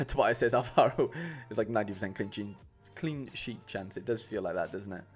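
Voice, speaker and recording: A man's voice: lowish voice, fairly quick, husky, faint music behind. Chatty man on a live stream. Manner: chatty, rambling, many fillers and restarts, says "mate" a lot. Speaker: streamer building fantasy football lineups. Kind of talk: casual live-stream chat.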